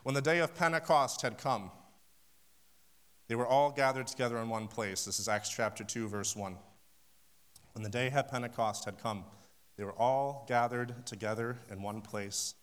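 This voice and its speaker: A man's voice: mid-range voice, normal speed, clean tone. A man preaching a sermon, fervent and building to emphatic peaks as he tells stories of ministry. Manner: storytelling, acting out phone conversations. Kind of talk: sermon with personal story.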